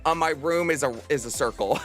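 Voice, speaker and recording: A man's voice: a little high, fairly bright tone. A young man streaming from home, chatting to his viewers in a bubbly, affectionate way. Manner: bubbly, affectionate, talks fast to chat. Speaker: livestreamer. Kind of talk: casual stream chat. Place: home room.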